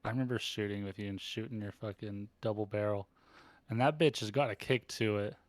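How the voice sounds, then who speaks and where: A man's voice: on the low side, fairly quick, no echo. A young man co-hosting a podcast, talking casually and swearing, often saying "dude". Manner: laid-back, swears, says "dude" a lot. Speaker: podcast co-host. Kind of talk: casual movie chat.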